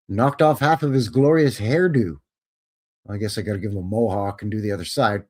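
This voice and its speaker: Wry, low-voiced male show host. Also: expressive, fast talker, darkish tone. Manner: wry, joking, easily amazed. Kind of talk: casual live-show photo commentary.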